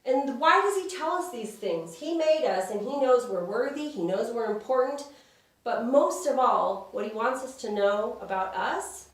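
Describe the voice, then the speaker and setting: A woman leading a children's church lesson, speaking gently and simply and asking the kids questions. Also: a little high, animated, unhurried, very echoey, recorded from a distance. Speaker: children's Sabbath school teacher.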